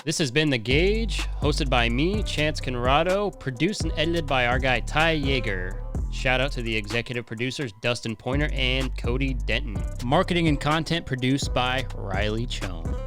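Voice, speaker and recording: A man's voice: mid-range voice, expressive, moderate pace, music in the background. A man hosting a podcast, teasing his guests in casual, laughing banter. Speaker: podcast host.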